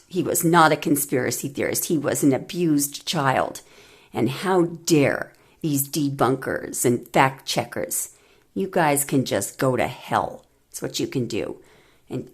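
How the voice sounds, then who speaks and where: A woman's voice: low voice, darkish tone. A woman tarot reader delivering an emphatic, indignant monologue with many rambling restarts.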